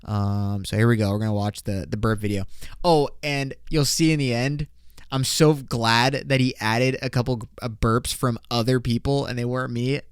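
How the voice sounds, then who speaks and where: Smooth-voiced young man hosting a podcast. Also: medium pitch, moderate pace, dry recording, clean studio sound. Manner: loose, profane, excitable, laughs a lot. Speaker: podcast host. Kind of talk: casual solo podcast chat.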